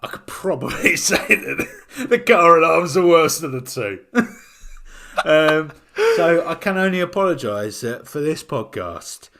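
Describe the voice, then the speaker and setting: A man's voice: on the high side, lively intonation, a little slow, fairly bright tone, slight background noise. A British man co-hosting a podcast in casual chat from home, jokey and swearing freely, heard over a webcam. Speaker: podcast co-host. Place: at home at a table. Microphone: webcam on a video call.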